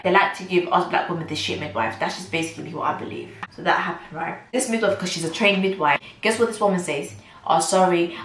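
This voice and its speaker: A woman's voice: fairly low pitch, a bit bright, slight background noise. A young woman telling a candid, indignant story in a casual vlog, acting out the lines of the people in it. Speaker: vlogger. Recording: roomy echo with faint ambience.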